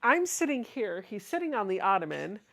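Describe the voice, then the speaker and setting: A woman's voice: mid-range voice, very animated, normal speed, vocal fry. A woman hosting a casual live stream from her home sewing studio, bubbly and teasing, laughing often. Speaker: host.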